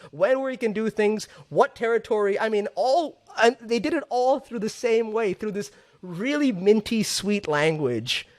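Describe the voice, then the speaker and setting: A man in his thirties from Southeast Asia speaks as a podcast guest in a relaxed interview. His voice sits high for a man, and he talks with animated energy, often doubling back on words as he works toward his point. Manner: animated, repeats words when building a point. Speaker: podcast guest, music label owner. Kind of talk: casual conversational interview.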